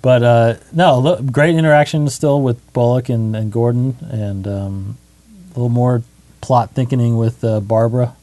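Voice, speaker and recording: A man co-hosting a casual TV recap podcast, relaxed and heavy on fillers. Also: mid-range voice, moderate pace, dry recording. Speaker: co-host.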